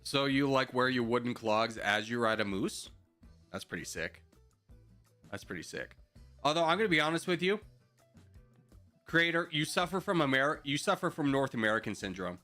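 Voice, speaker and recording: Male streamer, mid-pitched bright voice, playful ranting commentary over quiet background music. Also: animated, fairly quick. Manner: joking mock rants, frequent laughs. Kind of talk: live game-stream commentary.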